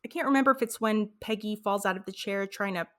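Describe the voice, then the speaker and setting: A woman's voice: mid-range voice, fast talker. A woman co-hosting a podcast, chatting casually and reacting with exclamations. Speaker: podcast co-host. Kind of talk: casual chat.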